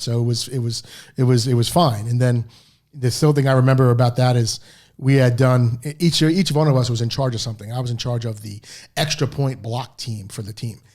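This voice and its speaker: Fast-talking man telling coaching stories. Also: medium pitch, a little mellow. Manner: rambling anecdotes, acts out quoted dialogue. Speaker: interview guest, football coach. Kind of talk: storytelling in a podcast interview.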